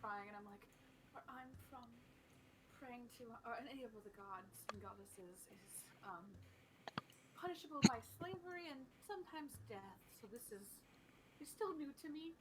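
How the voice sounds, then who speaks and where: A woman playing a character in a tabletop game, speaking softly and hesitantly with apologetic pauses. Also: a little high, animated, heavy background noise. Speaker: player. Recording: faint and distant from the mic, with music behind.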